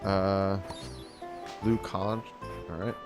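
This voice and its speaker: A man's voice: low-pitched, little pitch movement, very slow, music in the background. A man streaming a game, telling stories casually, swearing a lot and full of filler words. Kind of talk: casual gaming stream storytelling.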